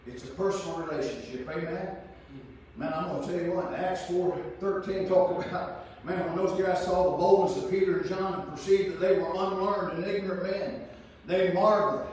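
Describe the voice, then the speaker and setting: A man preaching a fervent revival sermon that repeats its phrases and builds to shouts. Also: sits high, fairly even intonation, normal speed, a little hiss or hum. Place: church. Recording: very echoey, far from the mic.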